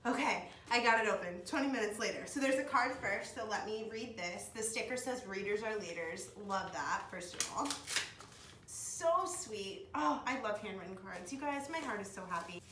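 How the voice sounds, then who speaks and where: A young woman talks to her camera in an excited, gushing way, and her voice is bright and forward. She sits back from the camera mic in an echoey room at home. A faint hiss runs under the recording. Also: mid-range voice, moderate pace, distant mic. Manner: gushing, excited, lots of "like" and "oh my gosh". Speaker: vlogger, speech-language pathology assistant. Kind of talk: casual chat to camera.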